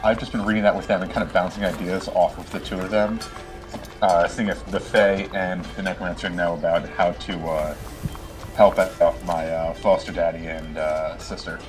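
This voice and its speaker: A man with a very low voice playing a tabletop game. He speaks haltingly, with plenty of "uh"s, while music plays clearly behind him. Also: flat delivery. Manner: halting, filler-filled. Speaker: player. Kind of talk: casual tabletop role-play.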